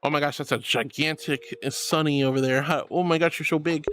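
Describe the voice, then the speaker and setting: A man live-streaming in a virtual world, chatting casually and gushing over his viewers in playful, excitable bursts. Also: fairly high pitch, normal speed.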